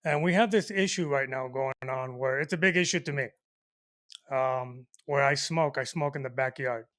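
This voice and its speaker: A man's voice: mid-range voice, normal speed, fairly bright tone, no room sound, clean studio sound. Rambling man telling a comic story. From El Paso, Texas, US. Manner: rambling, full of "you know" fillers. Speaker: podcast co-host. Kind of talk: casual comedic storytelling.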